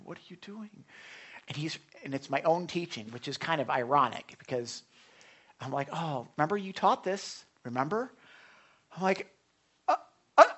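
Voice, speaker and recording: Animated middle-aged man preaching, slightly high. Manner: animated storyteller, drops to hushed whispers for inner thoughts. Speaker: pastor. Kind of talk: sermon with personal story.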